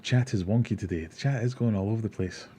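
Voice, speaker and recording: A man's voice: on the low side, quick pace, warm tone, slight background noise. A man hosting a casual livestream, rambling, joking and reading viewer comments aloud. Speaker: aquarium livestream host.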